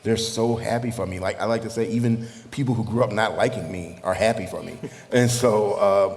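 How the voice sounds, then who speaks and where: A man's voice: fairly low pitch, brisk, a little mellow. A man from the southern United States, an author on a panel, joking and laughing often as he talks. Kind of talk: panel talk. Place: live event venue. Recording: reverberant hall with faint noise.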